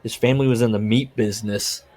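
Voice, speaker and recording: A man's voice: fairly low pitch, fairly even intonation, quick pace, darkish tone, slight background noise. A man co-hosting a casual podcast chat, reading book passages aloud and joking about them. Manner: reads book passages aloud with jokey asides. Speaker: podcast co-host.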